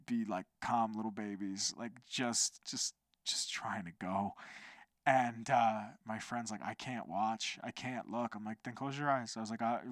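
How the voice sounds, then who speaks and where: Animated man telling a rambling story. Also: medium pitch, no room sound, clean studio sound. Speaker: podcast host. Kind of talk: casual storytelling monologue.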